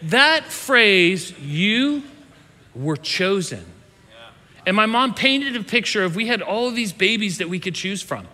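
In a big hall with long trailing reverb, a pastor in his fifties tells a story from his youth in a laid-back sermon manner, stopping and restarting as he goes. His high, bright voice is sing-song and unhurried.

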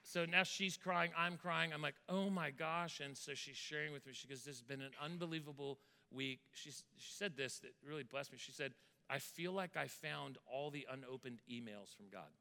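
A pastor preaches a sermon with testimony and prayer, earnestly telling a church member's story and then praying over the congregation, repeating words when moved. His mid-range voice is gravelly, bright, forceful, clear, and resonant at a normal speed, in a reverberant hall.

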